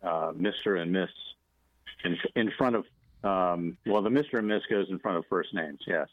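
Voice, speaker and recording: A man's voice: sits low, moderate pace. A man from New Orleans calling in by phone, chatting casually and hesitantly, often repeating words. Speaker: caller on the phone. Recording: dull phone line.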